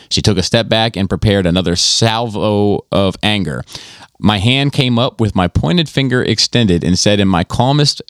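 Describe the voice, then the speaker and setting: Low-voiced dude reading listener mail on his podcast, chill, swears a lot, super dry close mic. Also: fairly bright tone, dry recording. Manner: laid-back, swears freely, laughs often. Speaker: podcast host. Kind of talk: casual podcast chat, reading listener emails aloud.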